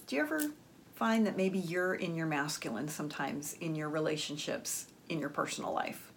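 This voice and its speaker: A woman's voice: sits low, normal speed, slight background noise. Emphatic woman giving relationship advice. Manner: emphatic, frequent "okay?" check-ins, acts out quoted dialogue. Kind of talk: direct-to-camera advice talk.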